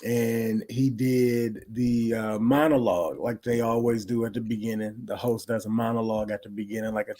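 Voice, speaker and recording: A man's voice: fairly low pitch, fairly even intonation, normal speed, hardly any pauses, dark tone. A man co-hosting a podcast who tells a story in a laid-back, casual way. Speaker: podcast co-host.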